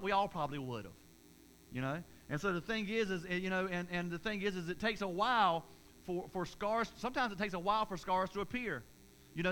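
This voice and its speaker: A man's voice: high voice, fairly bright tone, slight background noise, poor audio. A male pastor preaching a conversational sermon to his congregation, with many stammered restarts and repeated words. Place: church service before a congregation.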